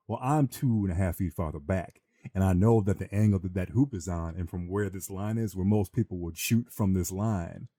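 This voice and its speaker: A man hosting a podcast, telling animated, slangy stories and acting out other people's voices. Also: deep voice, dry recording, clean studio sound. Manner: animated, slangy storyteller who acts out voices. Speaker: podcast host. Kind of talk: casual storytelling chat.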